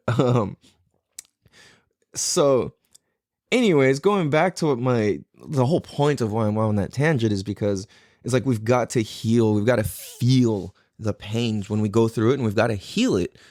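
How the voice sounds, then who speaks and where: Rambling man with lively pitch swings. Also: measured pace, no room sound, clean studio sound. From California. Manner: rambling, swears a lot, loses his thread. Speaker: podcast host. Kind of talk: casual storytelling.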